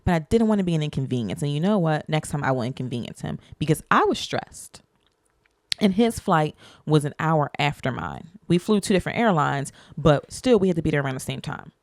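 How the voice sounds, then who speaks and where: A woman's voice: brisk, no echo, studio quality. A woman podcast host telling a personal story in casual chat, acting out the people she quotes with sudden jumps in her voice. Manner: animated, acts out quoted people with pitch jumps.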